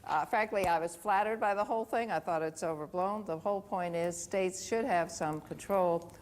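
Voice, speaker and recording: A woman, a state governor, replying in a televised debate in a measured way with frequent hesitations. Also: lowish voice. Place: TV studio.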